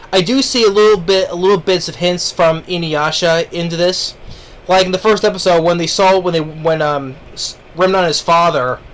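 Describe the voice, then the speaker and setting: Rambling man reviewing anime. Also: high voice. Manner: rambling, with many fillers and restarts. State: eating while talking. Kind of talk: casual spoken review.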